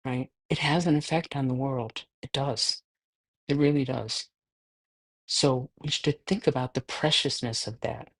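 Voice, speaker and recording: A Buddhist nun giving a conversational dharma talk, with a self-deprecating, filler-heavy way of speaking. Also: female voice, a bass voice, fairly even intonation, unhurried, husky. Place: livestreamed talk.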